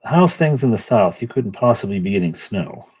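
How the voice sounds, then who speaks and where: A man's voice: on the low side, sing-song, moderate pace, darkish tone, husky. A middle-aged man hosting a livestream, painting miniatures and chatting in a rambling way while greeting viewers by name. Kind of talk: casual livestream chat.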